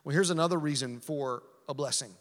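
A man's voice: a little high, fairly quick. A man preaching a sermon as pastor, emphatic and repetitive, asking rhetorical questions. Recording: long hall reverb.

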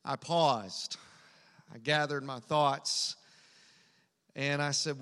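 Forceful bright-voiced pastor preaching. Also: male voice, medium pitch, fairly even intonation, drawn-out words, long pauses. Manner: conversational, earnest storytelling. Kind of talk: sermon with storytelling. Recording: long hall reverb.

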